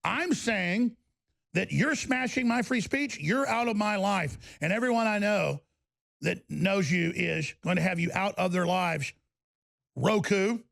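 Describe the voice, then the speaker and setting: A man's voice: high voice, a little slow, gravelly, fairly bright tone. A middle-aged man hosting a talk radio show, ranting with energy and tripping over his own restarts in the studio. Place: broadcast studio.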